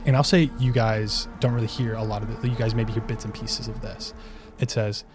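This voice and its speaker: A man's voice: on the low side, flat delivery, brisk. Male game master, casual loose narration, music playing behind. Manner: loose and searching, with many fillers.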